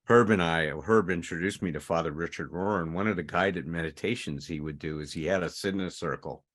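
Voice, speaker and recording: Earnest low-voiced man reading aloud. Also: brisk, fairly bright tone. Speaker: recovery group speaker. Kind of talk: reading aloud and commenting in group talk.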